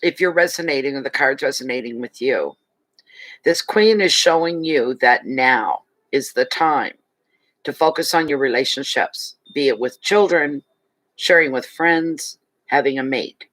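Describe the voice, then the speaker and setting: A man's voice: mid-range voice, unhurried, fairly bright tone, no room sound, poor audio. Chatty rambling man reading tarot. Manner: chatty and rambling, with restarts and asides. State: yawning, tired. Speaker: tarot reader. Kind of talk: casual monthly tarot reading to viewers.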